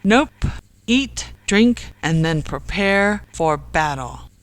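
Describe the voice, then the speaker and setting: A storybook narrator voicing a calm, matter-of-fact grown man who explains things a little dolefully, slightly raised in pitch. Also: slow. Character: calm, knowing man friend with a plan.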